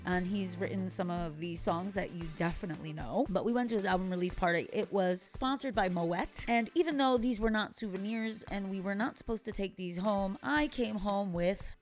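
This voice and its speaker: A woman's voice: medium pitch, normal speed, few pauses, faint music behind. A woman in her thirties casually recapping and reacting to a TV episode, chatty and wry, with playful asides. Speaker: TV recap vlogger.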